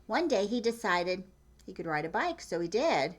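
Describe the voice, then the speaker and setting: A woman's voice: medium pitch, very animated, moderate pace. A woman reading a picture book aloud, often chuckling and pointing out the pictures. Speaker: storyteller.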